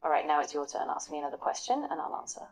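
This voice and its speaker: Encouraging low-pitched AI woman's voice. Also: sing-song, very fast, vocal fry, low-quality recording. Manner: upbeat, encouraging, polished. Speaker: AI voice assistant. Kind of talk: conversational practice partner.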